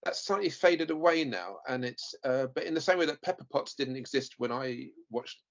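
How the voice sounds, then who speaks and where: A man's voice: medium pitch, expressive, normal speed, vocal fry. A man from Essex interviewing a guest, chatting casually with plenty of hesitations. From Essex, England. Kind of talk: casual chat. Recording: dull lo-fi sound.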